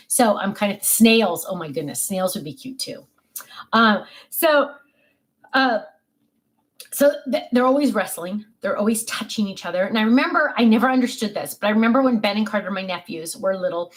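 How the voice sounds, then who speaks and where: An older woman, a grandmother, chatting casually and telling family stories with many fillers and restarts. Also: mid-range voice. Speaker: craft vlogger. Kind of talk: casual chat.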